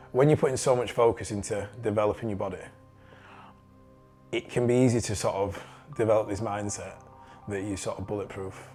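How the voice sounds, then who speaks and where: Yorkshire man, young, lowish pitch, blunt and sweary, faint music underneath. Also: darkish tone. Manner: candid, swears freely, halting restarts. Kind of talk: casual personal story.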